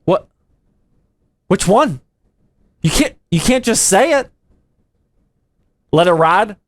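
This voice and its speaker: A young man from the United States streams a PC build, his voice sitting a little high for a man. He keeps it slangy and playful, throwing "dude" and "man" at his chat as he works. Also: lively intonation, slow, dry recording. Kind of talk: casual livestream chat while building a PC.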